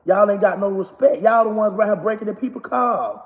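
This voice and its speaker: A woman's voice: mid-range voice, fairly quick, highs cut off. Blunt, cussing woman in her forties. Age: 40s. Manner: blunt, profane, laughs while scolding. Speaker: comedian and mother. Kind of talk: candid monologue to camera. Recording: echoey room with long reverb.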